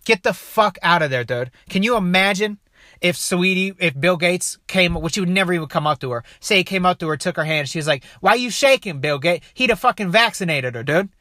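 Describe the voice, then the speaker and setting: A man giving loose, profane commentary on a video clip, animated and peppering his talk with "dude" and "okay.". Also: high-pitched, a little fast, no room sound, studio quality.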